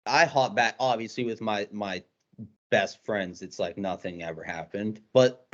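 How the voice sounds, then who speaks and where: A man's voice: lowish voice, unhurried, fairly bright tone, muffled recording. A young man co-hosting a podcast, chatting in a reflective, easygoing way. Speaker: podcast co-host. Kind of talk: casual chat.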